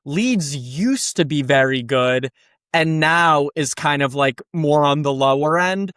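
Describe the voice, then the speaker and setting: An earnest young man with a slightly high voice talks in a casual and chatty way, pressing his point. The recording is close and dry. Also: slow, a bit bright, smooth, dry recording. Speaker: co-host pitching a football club. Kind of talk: casual comedic chat.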